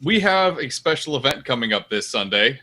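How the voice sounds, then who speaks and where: Joking male co-host with a bright voice. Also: medium pitch, sing-song. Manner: joking, quick asides, announcer-like. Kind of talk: casual livestream chat.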